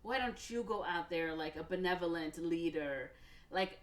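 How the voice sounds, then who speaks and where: A woman's voice: on the low side, moderate pace. A woman podcast co-host casually retelling a film plot in a rambling way, full of "like" and "or whatever" and acting out the characters' lines. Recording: roomy echo, mic off at a distance.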